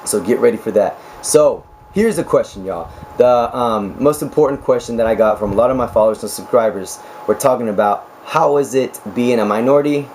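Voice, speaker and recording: A man in his twenties, a nurse talking casually to camera with a raspy, hoarse voice, chatty and joking, with laughs between stories. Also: medium pitch, brisk, hardly any pauses, a little mellow, slight background noise, poor audio. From United States. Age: 20s. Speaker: nurse vlogger.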